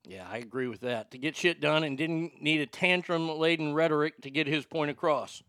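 A man's voice: fairly high pitch, normal speed, fairly bright tone, clear, resonant tone. A man hosting casual political commentary, blunt and profane, reacting to viewer comments. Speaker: political commentary host reading chat.

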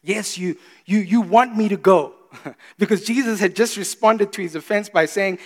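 A man preaching a sermon to a church congregation, passionate and emphatic, dropping to a hushed intensity at times. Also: high voice, normal speed, big-room sound. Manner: impassioned, swings between loud emphasis and hushed intensity. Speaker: pastor. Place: church service.

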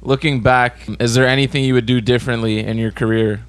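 A man hosting a podcast interview, relaxed and slangy, cheering his guest on. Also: mid-range voice, fast talker, clean tone. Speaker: podcast host. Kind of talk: casual interview chat.

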